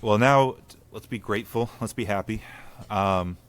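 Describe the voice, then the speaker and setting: A man's voice: lowish voice, normal speed, fairly bright tone, clear, resonant tone. A man, hosting a casual podcast chat and telling stories earnestly with many "like" fillers. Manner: storytelling, earnest, lots of "like" fillers. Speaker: podcast host.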